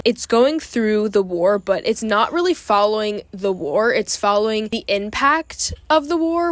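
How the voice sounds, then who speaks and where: A woman's voice: mid-range voice, no room sound. A young woman talking casually about books for her reading vlog, recorded on a phone outdoors. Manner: chatty, emotional, breaks into tearful laughter. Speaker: book vlogger.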